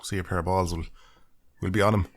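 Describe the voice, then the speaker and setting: Thirties male guest, very deep groggy morning voice, dry self-mocking humour. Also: steady tone, fast. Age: 30s. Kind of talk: casual chat.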